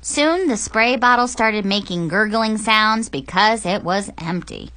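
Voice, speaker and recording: In a mid-range voice at a measured pace, a young adult woman performs an audiobook of a comic story told in the first person. She sounds animated and playful throughout.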